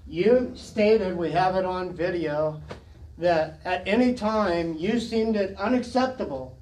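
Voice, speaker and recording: A man speaking at public comment in a council meeting, halting and clearing his throat, and growing indignant as he goes on. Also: high-pitched, a little mellow. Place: council chamber. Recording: echoey chamber, distant mic.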